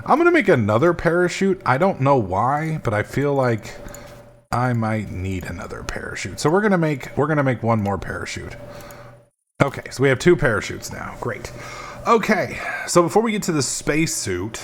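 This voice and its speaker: A man's voice: medium pitch, a little hiss or hum. A man casually commenting on his gameplay, rambling and swearing as he goes. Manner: rambling, profane, self-mocking. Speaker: gaming video host.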